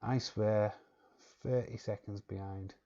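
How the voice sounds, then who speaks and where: A man's voice: fairly low pitch, fairly even intonation, slow, warm tone, muffled recording. A young English man hosting a quiz on a live stream, joking and chuckling as he reads the chat. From England. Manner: joking, chuckling, repeats words while reading chat. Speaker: quiz host.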